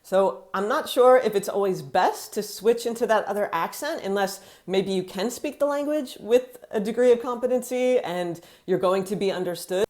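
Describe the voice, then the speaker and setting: An American woman living in France, talking casually to camera and acting out quotes in a chatty, animated way. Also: medium pitch, normal speed, hardly any pauses. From United States.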